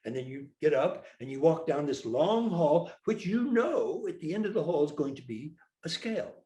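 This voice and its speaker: An older man, guesting in an interview, tells a funny storytelling anecdote, animatedly acting out each voice in a lively way. His voice is fairly high-pitched at normal speed, with a roomy sound.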